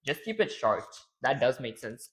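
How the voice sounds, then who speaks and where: Young male streamer, rambling, throat strained, mid pitch. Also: sing-song, normal speed, a bit bright, rough recording. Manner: rambling, self-commenting, frequent throat-clearing. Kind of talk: casual live-stream chat.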